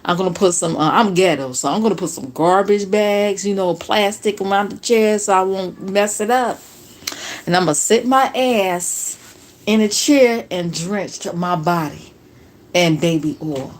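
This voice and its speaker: A woman's voice: medium pitch, very animated, measured pace. A woman from New Jersey hosting a casual reaction livestream, talking to viewers in a sarcastic, profane way.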